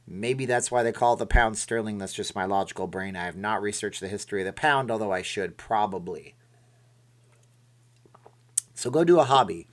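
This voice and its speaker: Middle-aged guy rambling on his home livestream, lowish voice, pep talk vibes. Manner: rambling, motivational, reads viewer messages aloud. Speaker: livestream host. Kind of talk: casual livestream chat.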